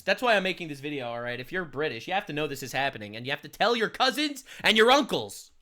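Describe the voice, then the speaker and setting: Loud sarcastic streamer man. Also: fairly high pitch, sing-song, fast talker, few pauses, soft background music. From United States. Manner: loud, sarcastic, emphatic interjections. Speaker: streamer reacting to a political video. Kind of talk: reaction commentary.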